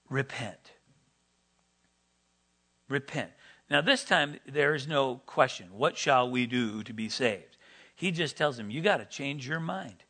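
A man delivers a sermon, climbing to loud, forceful peaks before easing back into quiet teaching. His voice sits a little high.

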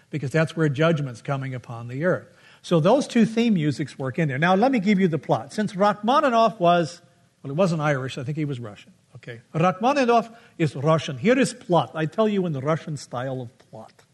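A man's voice: fairly high pitch, lively intonation, brisk. A middle-aged man preaching a sermon with a playful storytelling manner, humming tunes along the way. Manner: storytelling, playful, hums melodies.

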